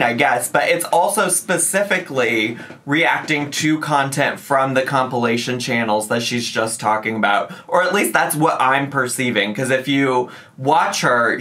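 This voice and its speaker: With a medium-pitched, sharp voice, this man hosts reaction videos as a commentary YouTuber. His talk is chatty and meandering, full of fillers such as "like" and "right?", and he laughs often.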